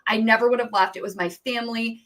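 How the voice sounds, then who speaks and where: An animated woman, a business coach, tells her story as a podcast guest. She talks casually and acts out the conversations she describes. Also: fairly high pitch, fast. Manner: animated, acts out quoted dialogue, many "like"s.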